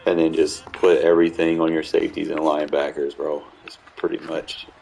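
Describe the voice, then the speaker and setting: Low, gravelly male gamer narrating his match; irritated, swearing, barking at his team. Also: flat delivery, brisk. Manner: frustrated, swears, yells at players. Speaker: gamer commentating his own play. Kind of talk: casual gameplay commentary.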